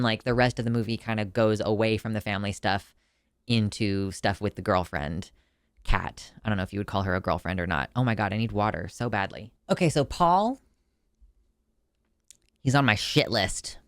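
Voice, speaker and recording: This film review comes from a man with a fairly low yet fairly bright voice, clear and resonant. The studio-quality recording has no room sound, and he talks chattily and emotionally, often restarting and using fillers in a casual video.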